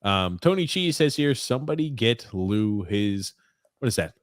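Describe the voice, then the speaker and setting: Man, low voice, dry close sound, casual podcast co-host, reads chat comments, laid-back. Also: expressive, normal speed, no room sound.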